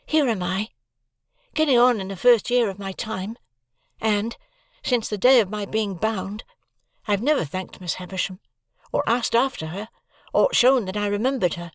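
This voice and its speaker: Guy doing a pleading young apprentice lad in a storybook read, voice pushed up high, bit gravelly, dry sound. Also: moderate pace, a bit bright, no echo. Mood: earnest. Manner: insistent, pleading. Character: earnest young male apprentice, eager and pleading.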